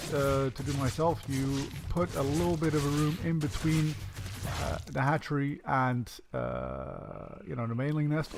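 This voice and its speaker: A man's voice: mid-range voice, vocal fry, slight background noise. Chatty man casting a game from home. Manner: chatty, self-deprecating asides, excited bursts during action. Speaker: game caster. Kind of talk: casual solo game commentary.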